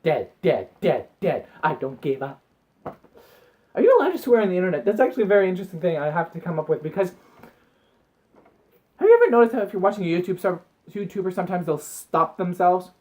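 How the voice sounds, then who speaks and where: A man chatting to camera in a casual vlog, telling rambling, excitable stories and acting out the moments as he goes. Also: high-pitched, racing, phone-quality sound. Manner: rambling, excitable storytelling with acted-out asides. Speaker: vlogger.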